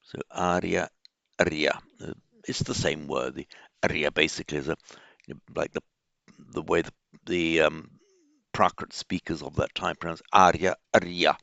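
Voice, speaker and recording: A man giving an informal lecture on Buddhist texts, explaining word roots slowly with many fillers and restarts. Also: extremely low pitch, steady tone, creaky, a bit bright, no echo. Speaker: teacher of Pali and Buddhist texts. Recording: dull, muffled lo-fi sound.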